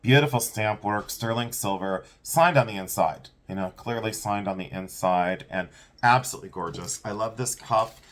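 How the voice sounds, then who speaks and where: A man hosting a vintage jewelry sale preview, chatting enthusiastically and telling a rambling story. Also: lowish voice. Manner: chatty, enthusiastic, talks fast and repeats himself. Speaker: host selling vintage jewelry. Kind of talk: casual live-sale chat and storytelling.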